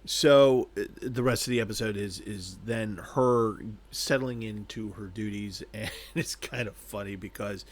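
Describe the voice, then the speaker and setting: A man casually reviewing an anime, talking in an animated, rambling way and chuckling between thoughts. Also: on the low side, measured pace, hardly any pauses.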